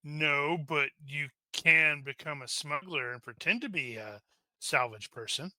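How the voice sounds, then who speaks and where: A man's voice: fairly high pitch, measured pace, pushed and bright, no echo. A man joking and wisecracking as a player in a tabletop game.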